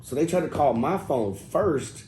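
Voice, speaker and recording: A middle-aged man, casually telling an interview story in a loose, profane, animated way and quoting people as he goes. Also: on the high side, a little slow. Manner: loose, profane, animated retelling with quoted dialogue. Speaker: rapper telling his story as guest. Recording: roomy echo with faint background noise.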